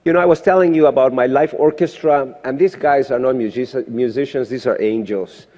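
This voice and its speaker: A man's voice: mid-range voice, brisk, a little mellow. Older guy speaking english at a podium, sincere and grateful, big echoey convention hall. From Argentina. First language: Spanish. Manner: heartfelt, thanking people one by one. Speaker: surgeon giving a presidential address. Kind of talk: emotional speech at a podium. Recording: long reverb of a big hall.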